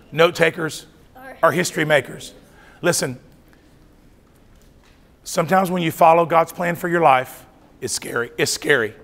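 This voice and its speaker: A man's voice: a little high, gravelly. A middle-aged man telling a story as a youth conference preacher, acting out the voices as he goes. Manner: animated storytelling, acts out voices. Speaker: youth speaker. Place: large church hall. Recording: reverberant hall.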